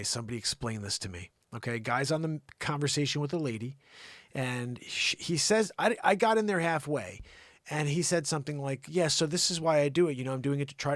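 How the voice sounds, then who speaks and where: A middle-aged man hosts a livestream, chatting casually and rambling along, animated and now and then breaking into impressions. His voice is a little high, and the recording is dry and studio quality.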